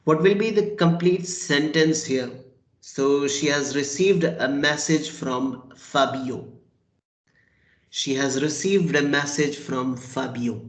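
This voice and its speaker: Slow, patient teacher, roomy sound. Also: male voice, a little high. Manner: patient, repeats and spells out words slowly. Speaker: French teacher. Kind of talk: online language class. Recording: roomy echo.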